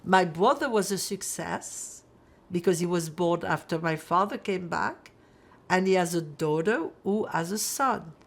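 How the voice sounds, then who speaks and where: An older woman from France giving oral history testimony, reflective and halting, with many fillers as she searches for words. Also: lowish voice, vocal fry. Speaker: Holocaust survivor interviewee.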